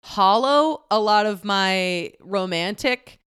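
A young woman hosting a podcast, chatting candidly about her own life in a lively, laughing way with casual swearing. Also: mid-range voice, slow, clean tone. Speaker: podcast host. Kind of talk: candid personal storytelling.

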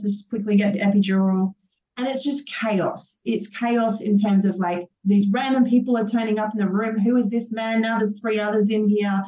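Give me a woman telling a personal story with lively quoted lines, on a dull lo-fi recording. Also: mid-range voice. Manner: animated storytelling, acts out her own quotes. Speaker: podcast guest. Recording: distant, dull, roomy sound.

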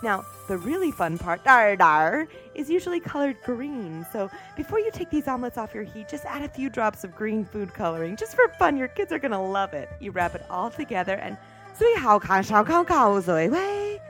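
A woman's voice: fairly high pitch, very animated, moderate pace, fairly bright tone, soft background music, voice pushed up. A woman playing a perky TV cooking show host in a parody sketch, with a chirpy, salesy, instructional manner.

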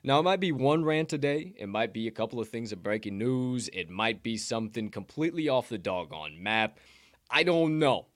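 Chicago guy hosting his betting pod from home, hyped and rambly, swears a lot, mid pitch, dry close mic. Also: expressive, moderate pace, no room sound. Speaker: sports betting podcast host. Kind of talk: casual solo live-stream talk. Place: home condo.

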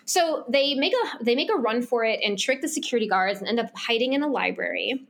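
A woman with a slightly high voice talks through a book plot in loose, casual podcast chat. She rambles with plenty of fillers and slips into quick acted lines of dialogue as she goes. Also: animated, creaky, a bit bright. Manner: rambling, filler-heavy, acts out character lines. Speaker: podcast co-host.

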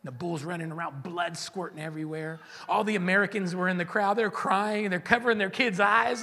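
A man preaching a sermon as pastor in a church, animated and joking, acting out the voices of churchgoers. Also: high-pitched, fairly quick, few pauses. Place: church hall. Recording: long church reverb.

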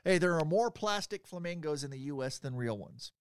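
Higher-voiced, teasing podcast man. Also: expressive, a little fast, clear, resonant tone, no room sound, studio quality. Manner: playful, teasing, giggly. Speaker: podcast co-host. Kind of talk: casual comedic chat, reading trivia.

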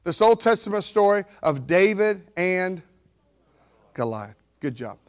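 High-voiced man preaching with swings in volume. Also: unhurried, clear, resonant tone. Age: 40s. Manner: lively preaching that acts out the story characters, swinging from loud to quiet. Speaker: pastor. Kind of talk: sermon.

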